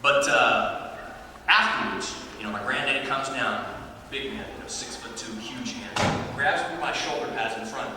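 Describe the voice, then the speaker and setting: A man from Texas tells loose, profane stories on a convention panel stage, laughing as he goes. His voice reaches the mic from a distance and rings through a big, echoing hall. Steady crowd noise sits underneath. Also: mid-range voice, normal speed. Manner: profane, laid-back storytelling with laughs. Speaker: panel guest. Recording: echoey hall recorded from far off.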